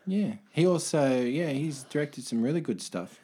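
A man talks easily as a podcast guest, with a husky, breathy edge to his voice. He sounds relaxed and knows his films well. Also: fairly high pitch, normal speed. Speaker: podcast guest, film interviewer. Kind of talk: casual chat.

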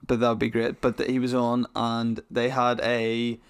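A man's voice: medium pitch, completely flat delivery, moderate pace, clear, resonant tone. Rambling, chatty young male podcast host. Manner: rambling, restarts a lot, chatty. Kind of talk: casual chat.

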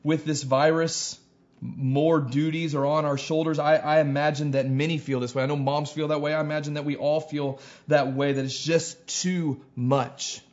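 A man's voice: on the high side, little pitch movement, moderate pace, a little mellow. A man preaching a sermon as pastor, earnest, repeating phrases and building to emphatic peaks. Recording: dull lo-fi sound.

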